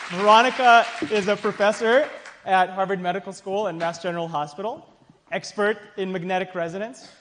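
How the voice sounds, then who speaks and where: Hosting a science contest in a large hall before an audience, a man introduces the judges with playful teasing jokes and frequent laughs. His high-pitched, slightly bright voice is brisk with fairly even intonation, recorded in an echoey hall with crowd noise.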